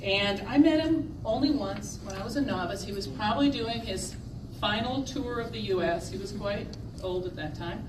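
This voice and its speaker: A woman's voice: mid-range voice, normal speed. A woman giving a humorous, self-deprecating talk to an audience of sisters, often laughing at her own stories. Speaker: speaker at a gathering of sisters. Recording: echoey hall from far off with noise.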